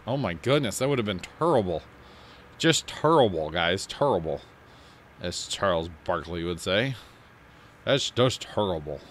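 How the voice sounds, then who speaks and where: Sleepy from a heavy lunch, this deep-voiced man offers loose, yawning commentary on his farming game and teases himself over every slip. His tone is fairly bright, and game machinery hums softly behind him.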